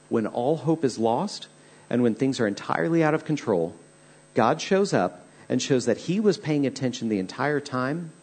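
A man's voice: mid-range voice, a little mellow, slightly rough. A man preaching a sermon and retelling Bible stories with earnest, dramatic storytelling. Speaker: pastor.

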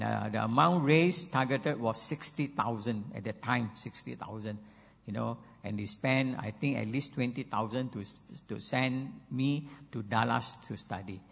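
Older pastor with a husky, gravelly voice. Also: male voice, mid-range voice. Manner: earnest, peppered with "you know", repeats words as he goes. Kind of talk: sermon. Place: church sanctuary. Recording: long reverb of a church hall.

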